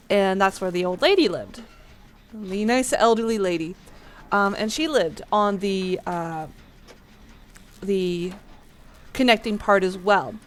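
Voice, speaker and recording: A woman telling a childhood story in a rambling, casual way while playing a game, with many fillers. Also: mid-range voice. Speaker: gaming channel host.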